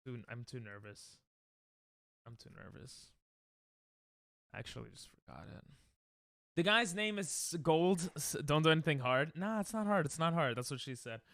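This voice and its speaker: Bright, clear-voiced male streamer. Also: on the high side, big pitch swings, a little fast, no room sound. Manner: rambling, self-interrupting, joking. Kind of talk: casual livestream chat.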